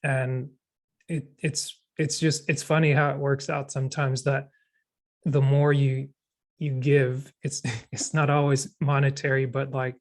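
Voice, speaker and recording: A man hosting a podcast, speaking in a reflective, halting way with frequent restarts. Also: medium pitch, flat delivery. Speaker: podcast host. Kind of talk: casual chat.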